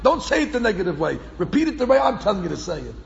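High gravelly-voiced man teaching a class. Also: very fast. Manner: animated, repeats phrases for emphasis, mixes in Hebrew quotes. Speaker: Torah teacher. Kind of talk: Torah class lecture. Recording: echoey hall, dull lo-fi sound with faint background hum.

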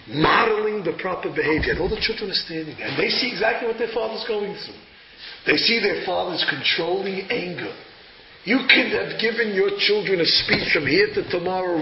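A man teaching a lively religious lesson, acting out verses with sudden loud emphasis. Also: high voice. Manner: dramatic, acts out verses, bursts of loud emphasis. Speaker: rabbi teaching a class. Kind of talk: animated Torah lesson. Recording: echoey room, dull lo-fi sound with clear background noise.

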